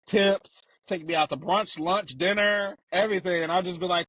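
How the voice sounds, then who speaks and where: A middle-aged man from Chicago, guest in a casual interview, telling stories animatedly and acting out quotes with big pitch jumps. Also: steady tone, normal speed, fairly bright tone, a little hiss or hum.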